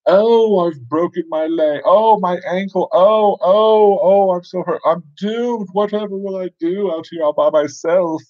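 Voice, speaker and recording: A man doing a shrill hammy dimwit fighter. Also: a little slow, hardly any pauses, dark tone, highs cut off. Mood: fake agony. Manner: shrill, theatrical wailing. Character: dim but lovable male fighter hamming up fake injuries.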